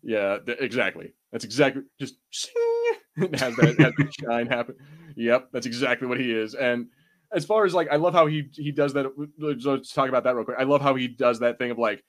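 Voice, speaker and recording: A young man in casual podcast chat, his voice sitting at an everyday middle pitch. He talks in an animated way, swears freely and jumps up in pitch when something excites him. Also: moderate pace. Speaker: podcast host.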